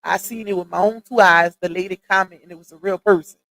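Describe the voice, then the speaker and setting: A woman's voice: mid-range voice, fairly even intonation, fast, a bit bright, low-quality recording. A woman hosting a late-night livestream, chatting casually and addressing viewers directly as she gossips. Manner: chatty, talks straight to viewers with "y'all" and "child". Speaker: livestream host.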